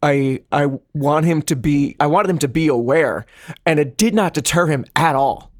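A man's voice: fairly high pitch, moderate pace, no room sound. A man with a slightly raised voice hosts a comedy podcast in loose, casual chat. He rambles, restarts his sentences and pokes fun at himself. The recording is close and bone-dry, with no room sound. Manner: self-deprecating, rambling with restarts. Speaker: podcast co-host.

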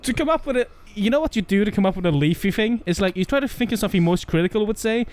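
A man's voice: sits high, animated, racing, a little mellow. A man co-hosting a casual comedy podcast, crude and joking, slipping into vapid impressions. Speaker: podcast co-host.

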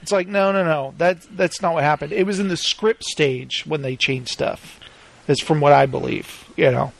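A man hosting a casual movie chat, rambling with lots of "like" fillers and quick to laugh. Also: fairly high pitch, steady tone, creaky, slight background noise.

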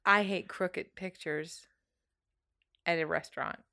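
A middle-aged woman co-hosting a podcast in casual chat, animated and opinionated. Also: lowish voice, takes it slowly, creaky. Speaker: podcast co-host.

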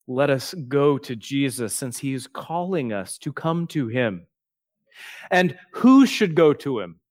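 A man preaching a sermon, earnest and plainspoken, slowing down and softening his voice for quoted prayers. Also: on the high side, no room sound, clean studio sound. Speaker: pastor.

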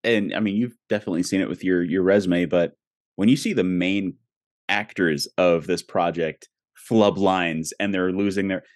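A woman hosting a podcast, chatting casually and chiming in with relaxed, agreeing laughs. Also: extremely low pitch, normal speed, no echo, clean studio sound. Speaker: podcast host. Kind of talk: casual interview chat.

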